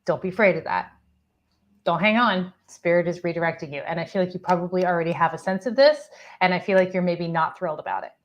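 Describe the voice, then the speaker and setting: Gentle, lower-voiced woman giving guidance. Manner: gentle, reassuring, steady guidance. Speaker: psychic reader. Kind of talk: live spiritual reading.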